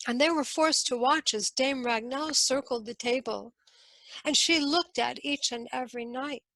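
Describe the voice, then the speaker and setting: A woman storyteller telling a medieval tale slowly and expressively, with dramatic pauses. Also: high voice, bright, forceful tone, no echo, poor audio. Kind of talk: oral storytelling.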